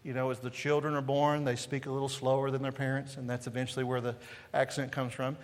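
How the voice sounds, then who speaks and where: A man with a medium-pitched, level voice preaches quickly, and a long reverb tail trails his words around the church sanctuary. He's a pastor from East Tennessee with a Southern Appalachian accent whose conversational sermon is full of rhetorical questions and "right?"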